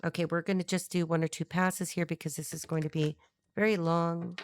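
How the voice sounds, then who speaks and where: A woman's voice: lowish voice, flat delivery, brisk, slight background noise. A middle-aged woman giving a channeled tarot reading, blunt and rambling, thinking aloud with many restarts. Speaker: tarot reader.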